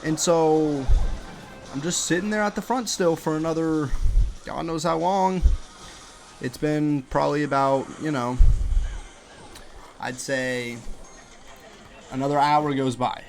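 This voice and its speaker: A young man venting in a casual, profane rant over gameplay, his voice sitting a little high for a man. He talks in animated bursts full of slang. Faint music plays behind him. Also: moderate pace, pauses often. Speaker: gamer venting about his restaurant job.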